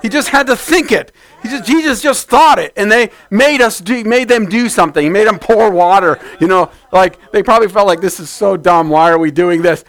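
High-voiced fervent preacher man. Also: a little fast, hardly any pauses. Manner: fervent, rising to shouts, then softer teaching. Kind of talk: sermon with prayer. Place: church.

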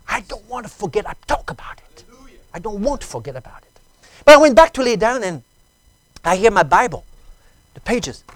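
A speaker with a French accent, a native French speaker, giving an emotional testimony at a sermon. They tell the story with halting, repeated words and swing from hushed tones to loud ones. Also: mid-range voice, dry recording, rough recording.

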